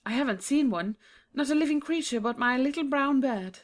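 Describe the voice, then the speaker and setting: A woman's voice: high-pitched, lively intonation, normal speed. A woman voicing a young, trusting princess, earnest and pleading in a childlike way.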